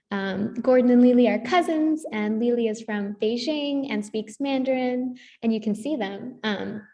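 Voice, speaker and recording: A woman host introducing a guest author, speaking in a relaxed way with frequent pauses. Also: fairly high pitch, long reverb tail. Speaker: event host. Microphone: video call.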